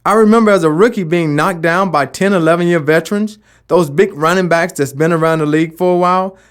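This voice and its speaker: A man's voice: fairly high pitch, a little fast, clean tone. A man giving a motivational talk about never giving up, with emphatic delivery and rhetorical questions. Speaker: motivational speaker.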